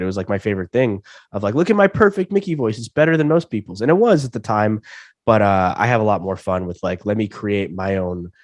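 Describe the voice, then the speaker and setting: A man's voice: lowish voice, dry recording, studio quality. A young man in his twenties from Alabama, a comedian guest on a casual interview, feeling sick and often stammering over restarts. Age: 20s. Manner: stammering restarts, repeats words.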